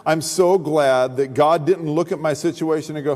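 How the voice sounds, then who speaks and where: A man pastor telling his testimony in a sermon, as an animated, humorous storyteller. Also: a little high, moderate pace. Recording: long hall reverb.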